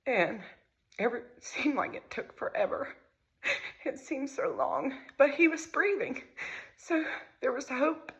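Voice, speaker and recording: A mother recounting a painful family crisis in a halting, emotional way. She often repeats her phrases as she tells the story. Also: high voice, animated, muffled recording. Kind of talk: personal storytelling to camera.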